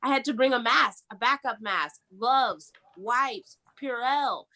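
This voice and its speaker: A woman's voice: a little high, takes it slowly, pushed and bright. A woman headlining a stand-up set over a video call, bubbly and playful as she tells stories.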